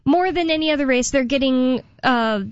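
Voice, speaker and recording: A woman's voice: high voice, moderate pace, clear, resonant tone, dry recording, highs cut off. A woman co-hosting a casual talk radio show, explaining things hesitantly with many fillers. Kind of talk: casual call-in radio chat.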